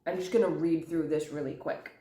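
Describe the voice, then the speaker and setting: A low-pitched woman talks to the camera in a casual video essay, quick and chatty, rattling through lists with the odd "um". She is sick and has a cough drop in her mouth. The room around her rings with echo. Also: steady tone, mellow. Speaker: book commentary vlogger. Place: indoor room at home. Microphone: camera in front of her. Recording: echoey room.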